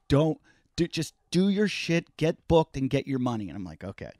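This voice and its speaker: A man's voice: a little high, brisk, dry recording, clean studio sound. A man telling stories in a casual podcast conversation, swearing freely and acting out the people he quotes. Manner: animated, swears freely, acts out quoted voices. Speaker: podcast guest. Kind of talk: casual storytelling.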